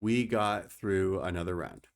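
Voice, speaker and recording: A man's voice: low-pitched, measured pace. A young man streaming a card game, explaining his moves and joking with his chat. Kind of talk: casual gameplay commentary.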